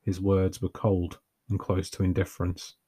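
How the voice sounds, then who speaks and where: A man's voice: low-pitched, monotone, moderate pace, dark tone, husky, dry recording. A man reading a story aloud with dry, wry, profane humour. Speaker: narrator.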